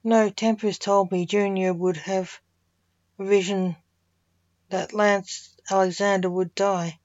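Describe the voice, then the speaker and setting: A woman voicing Blake, a tired father who is a necromancer, read slowly and plainly. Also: mid-range voice, level tone, a little mellow, no room sound, lightly acted. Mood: weary. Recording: dull lo-fi dry recording.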